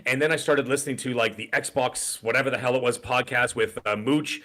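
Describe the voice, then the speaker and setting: A quick-talking middle-aged man in easy podcast chat, spilling one rambling story into the next. He speaks at an ordinary pitch and slips into short put-on voices whenever he quotes someone. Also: fairly bright tone. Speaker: podcast co-host. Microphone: desk podcast microphone.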